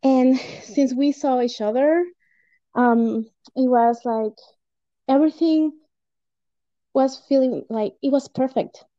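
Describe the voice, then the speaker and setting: A woman's voice: high-pitched, slow pace, long pauses, dry recording, muffled recording. A woman from Peru, a podcast guest, telling a personal story in casual chat with lots of fillers and laughs. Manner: warm storytelling, laughs often, many fillers. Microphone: home podcast mic.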